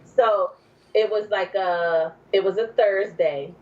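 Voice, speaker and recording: Brief: woman guest, from New Jersey, lively storyteller full of "um" and "like", slightly muffled recording. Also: mid-range voice, slow. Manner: animated, acts out quoted speech, many fillers. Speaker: podcast guest. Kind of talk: personal storytelling.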